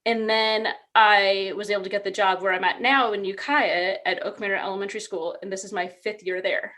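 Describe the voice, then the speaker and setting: A woman's voice: mid-range voice, fairly even intonation, brisk, sharp tone. A woman in her thirties from California, chatting as a podcast guest about her teaching career, upbeat and full of "like". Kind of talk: casual interview conversation.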